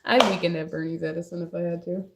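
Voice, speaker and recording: A woman's voice: fairly low pitch, fairly even intonation, fast talker, a little hiss or hum. A young woman streaming while she crafts, rambling and joking with her chat and laughing often, at home. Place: at home, moving furniture.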